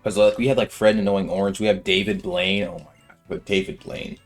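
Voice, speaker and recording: Deep-ish young guy yapping fast while he plays, lots of "like" and "bro". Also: level tone, soft background music. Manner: rambling, filler-heavy, slangy. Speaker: let's-play gamer. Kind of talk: casual gameplay commentary.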